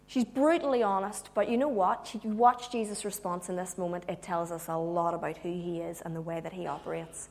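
A woman preacher giving a sermon with humorous asides, moving from loud emphasis to hushed tones. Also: mid-range voice, brisk, few pauses.

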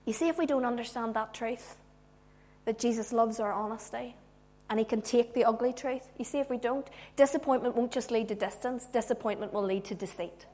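Brief: woman preacher, fairly high voice, animated sermon, jokey asides, loud then hushed. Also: a little fast. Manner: animated, swinging from loud emphasis to hushed tones; humorous asides.

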